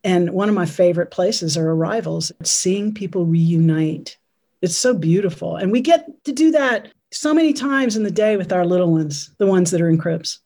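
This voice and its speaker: A woman's voice: lowish voice, expressive, moderate pace, warm tone. A woman parenting consultant speaking as an interview guest, earnest and telling stories about her clients. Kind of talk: conversational interview.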